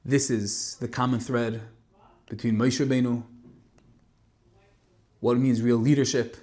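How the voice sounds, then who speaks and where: A man telling an emotional story in a Torah talk, moving between loud emphasis and hushed tones. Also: medium pitch, level tone, measured pace. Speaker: speaker giving a Torah talk.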